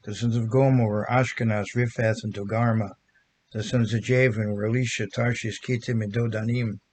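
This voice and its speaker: An older man reading scripture aloud in a steady, measured way on a podcast, working through long lists of names. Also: on the low side, slight background noise. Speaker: podcast co-host.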